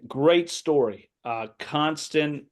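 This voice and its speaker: A man in his thirties, an assistant basketball coach, telling stories in a casual podcast interview with lively, acted-out quotes and frequent laughs. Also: fairly high pitch, slow pace. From United States. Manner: animated anecdote-telling, acting out quoted voices, laughs often.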